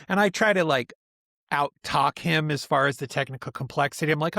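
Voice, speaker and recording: A man's voice: a little high, fairly quick, vocal fry, no room sound, clean studio sound. A man hosting a podcast, telling a family story in casual chat and acting out the quotes as he goes. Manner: animated storyteller, acts out quotes. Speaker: podcast host.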